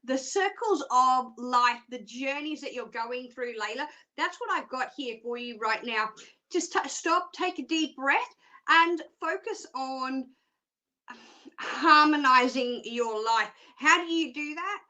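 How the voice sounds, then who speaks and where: A woman's voice: sits high, animated, slow, sharp tone. An Australian woman presenting a live-stream psychic reading, bubbly, chatty and jokey.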